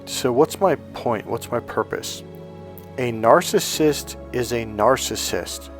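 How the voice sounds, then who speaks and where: With soft music in the background, a male life coach gives a casual motivational monologue in a medium-pitched, expressive voice at a slow pace. He rambles, with many restarts and repeated words.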